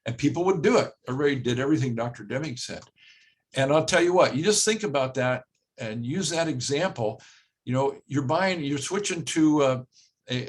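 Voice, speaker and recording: Man, older, workshop presenter, conversational, repeats key points, uh fillers. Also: mid-range voice. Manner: plain-spoken, repeats key phrases, frequent "uh" fillers. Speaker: workshop presenter and home builder. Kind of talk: conversational webinar talk.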